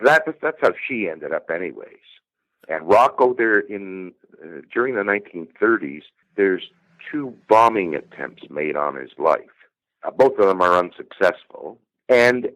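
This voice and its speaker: A man telling a true-crime story as a podcast guest, halting with frequent fillers and restarts. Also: low voice, fairly bright tone, dry recording, poor audio. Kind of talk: true-crime case retelling.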